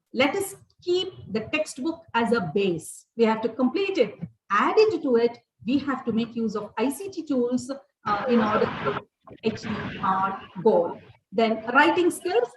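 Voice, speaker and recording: A woman's voice: sits high, echoey room, recorded from a distance, rough recording. A woman giving a workshop lecture to teachers, listing points and restarting phrases as she goes. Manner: repeats and restarts phrases, list-like delivery. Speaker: workshop resource person.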